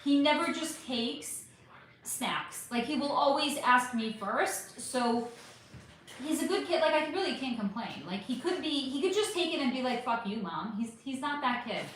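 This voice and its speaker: A woman's voice: high voice, lively intonation, moderate pace, fairly bright tone. A woman in her thirties chatting casually on a livestream, reading comments and rambling, swearing now and then, recorded on a phone in her living room. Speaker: livestream host. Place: bright living room at home. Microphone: phone without external microphone. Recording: echoey room, faint background hiss.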